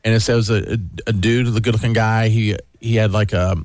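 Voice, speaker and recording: Fast-talking male morning radio host. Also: fairly low pitch, no echo, faint music behind. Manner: animated storyteller, acts out voices in quotes. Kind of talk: casual morning show banter.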